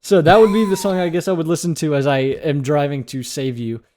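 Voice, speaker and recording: A man's voice: fairly high pitch, steady tone, brisk, a little mellow, a little hiss or hum. A young man co-hosting a podcast, chatting casually and rambling a bit with hesitant restarts. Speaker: podcast co-host. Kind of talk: casual banter.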